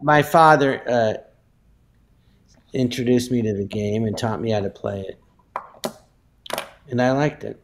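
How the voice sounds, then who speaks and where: A man appearing as a guest in an improvised comedic interview. He stumbles and restarts his sentences and sometimes flares into shouting. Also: mid-range voice, a little slow, long pauses.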